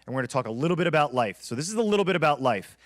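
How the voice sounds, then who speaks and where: Brief: male keynote speaker, quick delivery, slightly higher voice, lively storyteller. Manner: energetic, storytelling, acts out quotes. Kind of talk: conference keynote talk.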